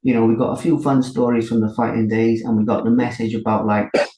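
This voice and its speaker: A man's voice: medium pitch, little pitch movement, fast talker, dark tone, echoey room, poor audio. A man hosting a casual, friendly chat on a video call. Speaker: podcast host.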